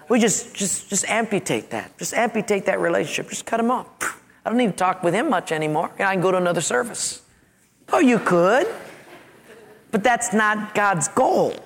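A man preaching a storytelling sermon as a pastor, animated, acting out his own yelps and asides. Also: high voice, in a large hall.

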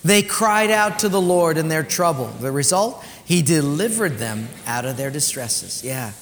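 A man preaching a sermon, animated, swinging from loud storytelling to soft, quiet points. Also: on the high side, a little slow, slight background noise. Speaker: pastor. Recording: long hall reverb.

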